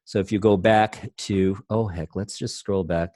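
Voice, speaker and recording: A man's voice: low voice, fairly even intonation, unhurried, dark tone, dry recording. A middle-aged man teaching an online class from home, in a loose, rambling way that often stops to correct himself. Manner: loose, rambling, self-interrupting. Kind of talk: casual online class lecture. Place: home, at a computer.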